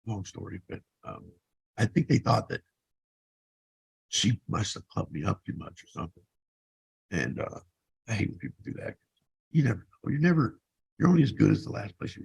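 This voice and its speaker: Gravelly husky man in his fifties. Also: lowish voice, a little mellow, poor audio. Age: 50s. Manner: blunt and profane, rambling with restarts. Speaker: vlogger. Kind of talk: casual personal storytelling.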